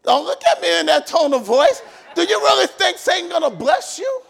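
A man pastor preaching a sermon, shouting and emphatic, repeating phrases for emphasis in a church. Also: extremely high pitch, sing-song, normal speed, gravelly, a faint crowd.

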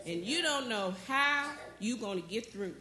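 A woman preaching from a church pulpit with a bright, forceful voice pitched a little high. She leads call-and-response with the congregation and works herself up toward shouting. The room rings with echo. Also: lively intonation, a little slow. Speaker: guest speaker at church. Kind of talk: sermon. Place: church sanctuary. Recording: echoey church hall.

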